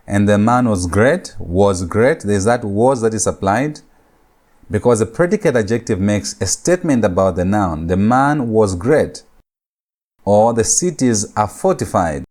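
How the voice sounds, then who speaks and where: A man with a fairly low voice is teaching a recorded grammar lesson. He speaks deliberately and goes back over the key rules. He slows right down whenever he sounds out a Hebrew word. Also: darkish tone. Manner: deliberate, repeats key points for emphasis; slows down to spell out Hebrew words. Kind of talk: recorded classroom lecture.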